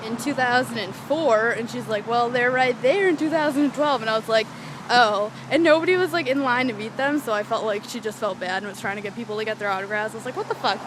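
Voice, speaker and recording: A young woman telling a rambling, excitable story in a casual vlog, swearing freely, recorded outdoors near a street. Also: a little high, a little fast. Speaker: vlogger. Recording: traffic noise from outdoors.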